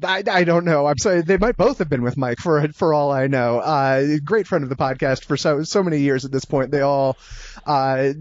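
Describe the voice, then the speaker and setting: A man's voice: fairly high pitch, moderate pace, dull audio. A man hosting a casual podcast chat, rambling and apologetic, often tripping over his words. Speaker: podcast host.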